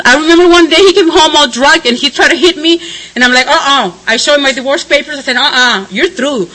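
Bright, high-voiced woman telling her story. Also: animated, fairly quick, low-quality recording. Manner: candid and blunt, swinging between somber and laughing. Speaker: speaker sharing her recovery story. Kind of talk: personal testimony at a recovery meeting.

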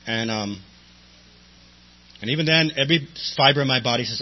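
A man's voice: medium pitch, normal speed. A middle-aged man telling a humorous personal story about his recovery, wry and self-mocking, with many "and, um" fillers. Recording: dull lo-fi recording with faint hum.

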